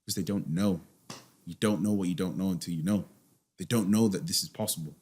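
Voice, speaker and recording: Man, lowish voice, emphatic, slangy, rhetorical questions, podcast guest. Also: brisk, a little mellow, husky. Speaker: guest, finance expert. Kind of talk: casual podcast interview.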